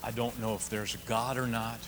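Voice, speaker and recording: A man preaching a sermon, telling a story with swings from hushed to shouting. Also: mid-range voice, flat delivery, brisk, background noise. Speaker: pastor. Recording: reverberant hall with faint ambience.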